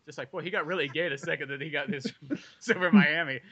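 A man's voice: on the high side, quick pace, sharp tone, dull audio. A man joking around as a podcast guest, playful and profane. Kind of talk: casual comedic banter.

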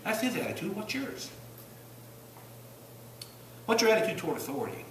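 A man preaching a sermon in a church, asking rhetorical questions, rising to loud bursts and dropping low. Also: sing-song, normal speed, slight background noise. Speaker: pastor. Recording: echoey church room from a distance.

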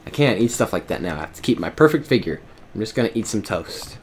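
A vain young woman who is smug about her new body, as a man reads her in his own lightly lowered voice. She sounds pleased with herself and boastful in this amateur storybook reading. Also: sing-song, fast talker, a little hiss or hum. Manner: smug, self-satisfied.

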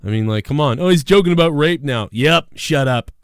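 A man hosting a live stream show in casual, profane chat, breaking into loud mock screams when excited. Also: fairly high pitch, a little fast, smooth, no room sound, clean studio sound. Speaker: livestream show host.

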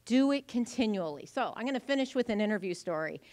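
Woman in her forties, keynote-style workshop talk, bright and expressive, acts out anecdotes, close dry mic. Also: mid-range voice, quick pace, dry recording. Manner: animated storytelling, acting out voices. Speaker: conference speaker. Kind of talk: lively conference presentation. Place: event venue.

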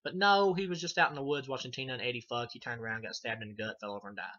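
A man's voice: medium pitch, steady tone, racing, pushed and bright, muffled recording. A man giving a casual, profane film review, rambling and laughing as he retells scenes. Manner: rambling, swears a lot, laughs often. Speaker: movie reviewer.

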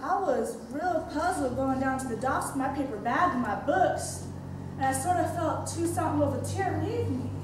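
Heard from a distance on a heavily reverberant theater stage, a young woman, an actress, delivers a dramatic monologue at normal speed in a high-pitched voice. Her storytelling is vivid and playful, and noise sits in the background.

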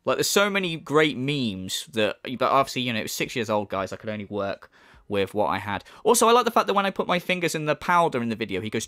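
A man's voice: medium pitch, expressive, fast talker, bright, forceful tone. A man commenting casually on a video, mocking and swearing a lot. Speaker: YouTuber responding.

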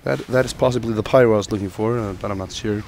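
A man's voice: fairly low pitch, very fast. Gamer guy, sore throat, jokey running commentary over play, faint noise floor. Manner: jokey, excitable, talks to teammates and himself. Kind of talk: gameplay commentary.

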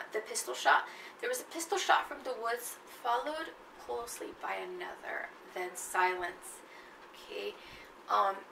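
A woman lectures on literature, often pausing to check in with her class. Her voice is gravelly and bright. It is picked up from a distance in a room with a lot of echo. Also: fairly high pitch, slight background noise. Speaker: literature teacher. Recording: echoey room, mic at a distance.

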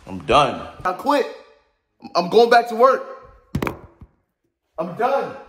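A young man in his twenties, a content creator, ranting in a distraught vlog that swings from low muttering to loud shouting. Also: wildly swooping pitch, unhurried, slight background noise. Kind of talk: emotional vlog rant.

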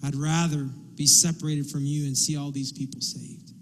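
A man's voice: fairly high pitch, flat delivery, normal speed, slight background noise. A man preaching a sermon as pastor, impassioned, voicing pleading quotes as he goes. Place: church sanctuary. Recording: long hall reverb.

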